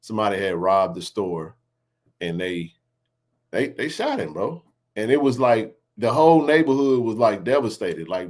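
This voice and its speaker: A man's voice: mid-range voice, moderate pace. A man in his forties hosting a sports podcast, telling neighborhood stories in a laughing, slangy way. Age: 40s. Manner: laughing, animated storyteller with slang. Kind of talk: casual storytelling chat.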